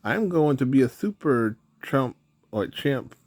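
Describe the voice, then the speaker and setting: A man's voice: mid-range voice, expressive, a little slow, darkish tone, no echo. A man voicing a bossy, self-assured young boy in a children's story reading. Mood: eager.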